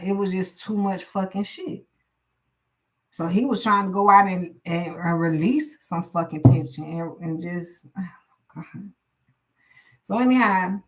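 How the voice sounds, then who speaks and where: Profane woman telling a story. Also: on the low side. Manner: profane, emotional, run-on storytelling. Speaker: tarot reader and streamer. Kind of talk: casual storytelling to viewers.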